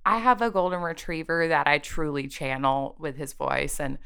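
A woman's voice: low voice, moderate pace, vocal fry, clean tone. A woman co-hosting a podcast in casual chat, playful and giggly, laughing often. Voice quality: giggly, animated. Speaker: podcast co-host.

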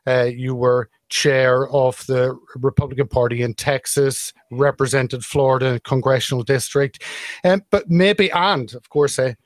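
A man hosting a podcast interview, asking polite, slightly halting questions with "um" fillers. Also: mid-range voice, no room sound. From United Kingdom. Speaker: podcast host.

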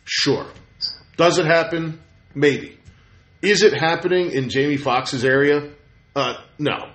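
A man chatting casually as a podcast host, telling stories with lively acted-out quotes. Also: a little high, takes it slowly. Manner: animated storyteller, acts out quotes. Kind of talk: casual chat. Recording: roomy echo.

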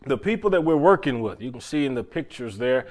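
Man, preacher, earnest, halting, sermon storytelling. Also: mid-range voice, lively intonation, a little mellow. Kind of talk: sermon testimony.

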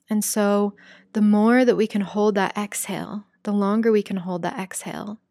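A young woman leads a breathwork lesson in a calm, hushed voice that turns chatty and candid when she explains. Her pitch sits in a middling range, and the sound is close and dry with no room echo. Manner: calm, soft-spoken, casual and candid. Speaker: breathwork and yoga teacher.

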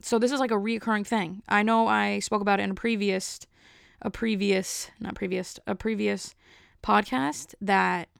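A young woman chatting alone on her podcast, rambling through a story and leaning on "like" at every turn. Her voice has a smooth, gravelly edge and stays level in pitch. It is recorded close and dry. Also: fairly even intonation, moderate pace, dry recording. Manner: rambling, filler-heavy storytelling. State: a bit out of breath. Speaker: podcast host. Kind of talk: casual solo podcast chat.

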